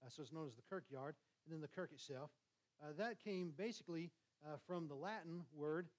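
Man, preacher, sermon, quick delivery, slightly high voice, conversational, restarts. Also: a little mellow, low-quality recording. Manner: conversational, repeats "all right?"; fast-talking, frequent restarts.

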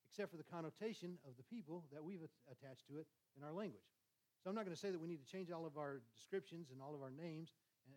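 A man preaching a conversational sermon, talking quickly with frequent restarts and checking in with "all right?". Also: fairly high pitch, a little mellow, poor audio.

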